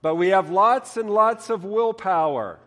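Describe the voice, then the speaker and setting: A man putting on an earnest, reasoning storybook frog, a male who keeps trying to be sensible. His voice climbs high and swings widely, and it rings through a large reverberant hall. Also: sing-song, unhurried. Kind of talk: storybook reading in a sermon.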